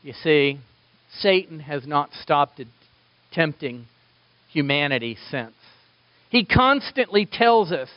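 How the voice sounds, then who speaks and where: A male pastor preaches with animated emphasis, pushing lines up and then dropping to near-quiet. His voice sits somewhat high. The recording is dull and lo-fi with a dry, close sound. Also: slow pace, long pauses, no room sound. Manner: animated, rising emphasis and sudden soft drops. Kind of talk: sermon.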